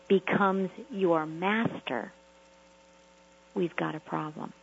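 A woman's voice: medium pitch, breathy edge, lo-fi sound. A woman preaching a motivational sermon to a group call, emphatic and repetitive, full of rhetorical questions. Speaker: prosperity preacher.

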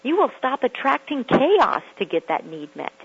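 A woman's voice: high-pitched, sing-song, moderate pace, breathy edge, highs cut off. A woman hosting a self-help radio talk, speaking emphatically and repeating phrases for effect. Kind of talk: motivational talk.

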